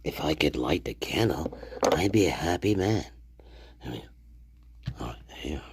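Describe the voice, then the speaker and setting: A man's voice: extremely low pitch, animated, unhurried, creaky, a little mellow, breathy edge, no echo. A man hosting a livestream, rambling in a giggly, profane way, repeating phrases and sometimes dropping to a whisper. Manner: drops to whispers at times. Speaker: livestream host.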